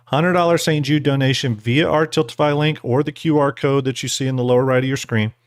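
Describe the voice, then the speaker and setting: A man's voice: mid-range voice, brisk, no room sound, clean studio sound. Tipsy man hosting a charity stream. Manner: relaxed, rambling, thanks donors while eating jelly beans. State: a little tipsy. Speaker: streamer host. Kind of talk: casual live stream chat.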